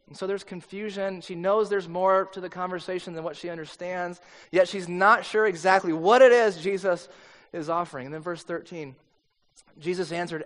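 A male pastor preaching with a relaxed, conversational, storytelling manner. His voice sits fairly high. He is recorded in a church sanctuary with a long hall reverb. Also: normal speed. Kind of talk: sermon.

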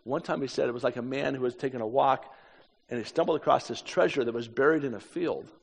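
A man's voice: medium pitch, fast talker, gravelly, breathy edge. A man in his fifties from the United States, telling a story in a sermon with casual, self-deprecating asides. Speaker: preacher. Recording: echoey hall.

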